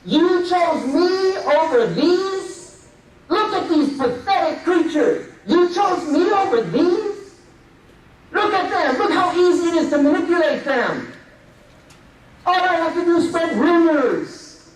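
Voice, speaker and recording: A man's voice: extremely high pitch, animated, slow pace, a little hiss or hum, voice pushed up, full character voice. A man voicing a sneering, gloating devil. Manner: sneering, scornful. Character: gloating male devil mocking humankind. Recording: echoey room, distant mic.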